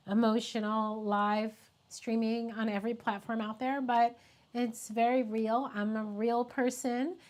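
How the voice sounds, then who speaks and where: A middle-aged woman who works as a photographer, speaking on a casual live stream in a heartfelt way, pausing often and fighting back tears. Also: on the high side. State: tearful.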